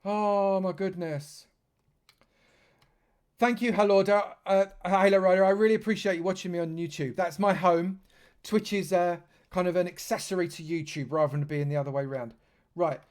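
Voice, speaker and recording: A man's voice: high-pitched, steady tone, moderate pace, a little mellow, clean tone. A man from London, giving chatty live commentary on a game stream and joking with dry sarcasm. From London, England.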